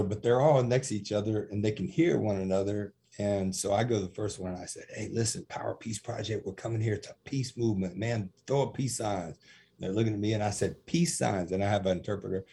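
A man in ministry telling lively stories in a podcast interview, acting out what people said. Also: on the low side, a little fast, slight background noise. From USA. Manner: animated storyteller, acts out quotes with laughs. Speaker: prison minister.

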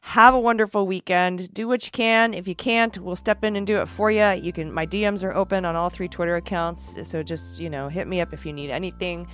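A woman's voice: lowish voice, steady tone, fairly quick, few pauses, fairly bright tone, faint music behind. A woman hosting a podcast, chatting enthusiastically and affectionately with her co-host. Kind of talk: casual chat.

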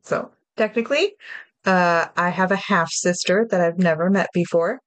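A woman's voice: fairly low pitch, moderate pace, dry recording. Chatty woman podcast host, dry mic. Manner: upbeat and chatty, steers the conversation. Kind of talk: casual chat.

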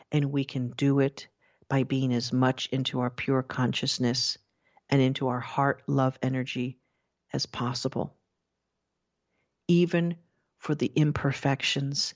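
Low-voiced woman giving a spiritual talk. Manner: expressive, acts out inner voices, slows on key words. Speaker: spiritual teacher. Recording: dull lo-fi recording.

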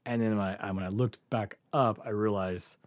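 A man's voice: fairly low pitch, fairly even intonation, brisk, dry recording. Rambling, laughing man telling a story. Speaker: podcast guest. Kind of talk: casual storytelling.

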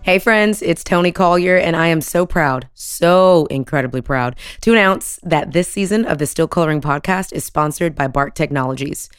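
A woman, hosting a podcast interview in an effusive, animated way with casual slang. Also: low voice, normal speed, hardly any pauses, clear, resonant tone, no room sound, studio quality, soft background music. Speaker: podcast host.

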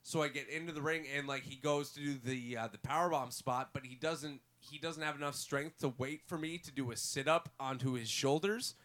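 A man's voice: mid-range voice, normal speed, few pauses, a bit bright. A man guest on a podcast, telling a wrestling story in a rambling, casual way with lots of fillers and swearing.

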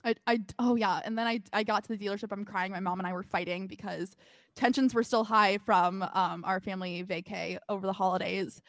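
A young woman in her twenties, a podcast co-host, telling a story in casual chat, filling it with "like" and acting out quotes in a loud voice. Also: medium pitch, a little fast, no room sound. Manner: animated storytelling, acts out quotes loudly; heavy use of "like".

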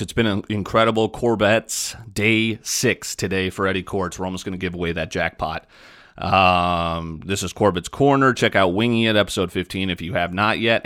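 A man's voice: sits low, a bit bright. A young man hosting a podcast, giving blunt, opinionated sports talk with frequent fillers. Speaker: podcast host. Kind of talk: casual sports talk monologue.

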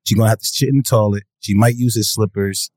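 A man co-hosting a podcast in casual chat, talking low and mumbly, often told he speaks too quietly. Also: steady tone, quick pace, dry recording. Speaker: podcast co-host. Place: studio.

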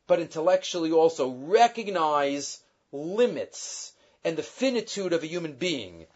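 A man with a notably high voice gives a Torah class, rattling off Hebrew quotations and then breaking them down in animated English. His delivery speeds up and leans on emphasis. The recording sounds somewhat dull and lo-fi. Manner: quick, animated, mixing Hebrew quotes with English explanation. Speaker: Torah teacher.

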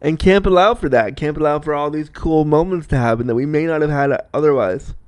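Young man, casual storytelling, self-mocking, smooth voice, dry close sound. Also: a little high, a little fast, dry recording. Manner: animated, self-mocking, laughs often.

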